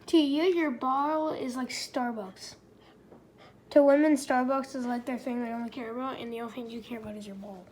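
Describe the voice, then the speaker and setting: A woman's voice: a little high, fairly even intonation, moderate pace, darkish tone. A woman vlogging at home, chatting playfully and teasingly with her pet dogs as she films them. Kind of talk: casual off-the-cuff chatter. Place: indoors at home. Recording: noisy home video recording.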